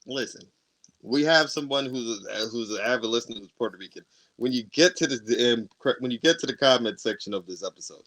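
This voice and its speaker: A man's voice: medium pitch, a little fast, fairly bright tone. A man co-hosting a podcast, telling a long personal story in casual chat, acting out the arguments and laughing often. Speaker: podcast co-host.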